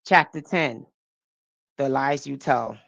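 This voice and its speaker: Low-voiced woman livestream reader, blunt and animated, recorded on a dull, dry home mic. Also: takes it slowly, creaky, no room sound. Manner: animated asides, laughing, blunt. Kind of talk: live reading with commentary.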